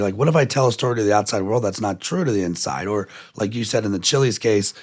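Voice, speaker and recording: A man's voice: lowish voice, fast talker. A man hosting a podcast, rambling animatedly in conversation and acting out what others said. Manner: animated, rambling, acts out quoted voices. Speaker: podcast host. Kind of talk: conversational interview.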